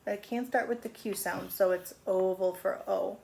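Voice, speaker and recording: A woman's voice: mid-range voice, normal speed, vocal fry, hardly any pauses, a little mellow, a little hiss or hum. A middle-aged woman teaching a phonics lesson to young children, patiently sounding out words.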